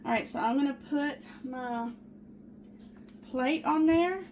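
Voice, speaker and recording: A woman's voice: high-pitched, slow, slight background noise. A woman chatting to viewers while baking in her small home kitchen. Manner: chatty, easily excited, talks to viewers as "guys". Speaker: home cooking vlogger. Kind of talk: casual cooking demonstration.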